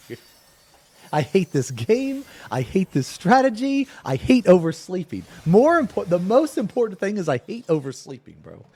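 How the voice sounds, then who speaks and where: A man's voice: high voice, very animated, moderate pace, mellow, breathy edge. A young man streaming a game, venting to his chat with a lot of swearing and repeating himself. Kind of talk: frustrated gameplay talk to stream chat.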